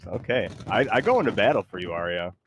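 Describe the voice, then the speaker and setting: A man's voice: on the low side, sing-song, fast, a little hiss or hum. A man streaming a game, talking in a laid-back, hesitant, joking way to his AI sidekick. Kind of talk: casual gaming stream chat.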